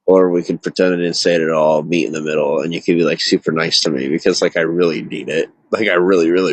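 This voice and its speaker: A man's voice: sits low, steady tone, fast, hardly any pauses, breathy edge, no echo, low-quality recording. A man live-streaming to viewers alone, distressed and near tears, rambling with many filler words. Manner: rambling, heavy on filler words, self-interrupting. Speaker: livestreamer.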